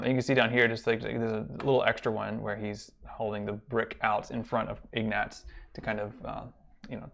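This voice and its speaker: A man's voice: on the low side, vocal fry, a little hiss or hum. A man teaching a college class online in a loose, rambling way, with many fillers and restarts. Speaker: college instructor. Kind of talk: casual online lecture.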